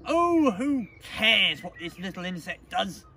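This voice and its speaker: A man's voice: sits high, big pitch swings, takes it slowly, distant mic, slight background noise, pitched above the performer's own voice, heavily acted. A man reading a storybook aloud, voicing a boastful, bullying young male cat. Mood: sneering. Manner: loud, sneering.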